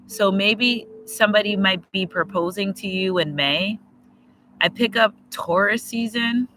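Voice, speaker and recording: Bright high-voiced man doing chatty card readings. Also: measured pace, slight background noise, poor audio. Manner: chatty, repetitive, breaks into sung lyrics, gets emotional. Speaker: tarot reader. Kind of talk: casual livestream card reading. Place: outdoors near trees and a road.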